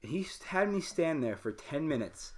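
A man's voice: a little high, sing-song, normal speed. A young man co-hosting a podcast, dry and teasing in casual chat. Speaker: podcast co-host.

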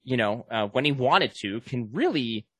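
Man co-host, rambling jokey chat, mid pitch, dry sound. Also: animated, moderate pace, a bit bright, husky, dry recording. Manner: loose, rambling, jokey comparisons. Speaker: podcast co-host. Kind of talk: casual chat.

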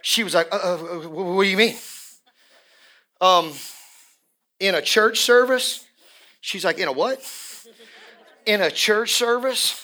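High bright-voiced preaching pastor. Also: male voice, a little slow, pauses often. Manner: preaching that swings from hushed asides to shouted climaxes. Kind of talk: sermon. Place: church service in a room.

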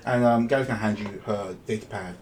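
A man's voice: on the low side, fairly even intonation, quick pace, darkish tone. A man narrating as game master of a tabletop game, chatty and loose, with frequent fillers and laughter.

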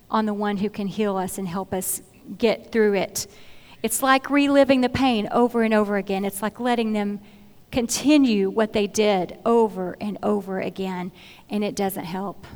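A middle-aged woman giving an earnest, conversational Bible talk in a church, often repeating phrases as she searches for words. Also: fairly high pitch. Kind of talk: sermon-style Bible teaching. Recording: long hall reverb.

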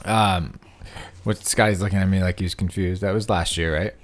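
A man's voice: low voice, fairly even intonation, a little fast. Upbeat rambling male podcast host. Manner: upbeat, rambling, self-correcting. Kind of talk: casual chat.

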